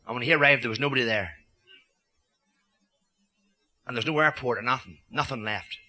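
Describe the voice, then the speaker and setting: A man's voice: mid-range voice, brisk, sharp tone. An Irish man telling jokes to a live club audience in cheeky storytelling patter. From Ireland. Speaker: club comedian. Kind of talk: live stand-up joke telling. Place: social club function room, live audience.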